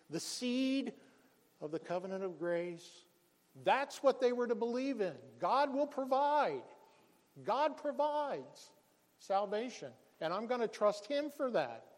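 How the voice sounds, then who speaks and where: A man with a high voice preaches a sermon in an earnest way, calling his hearers brethren and children. He often stumbles over and repeats words, and his voice rings with the long reverb of a hall. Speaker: pastor.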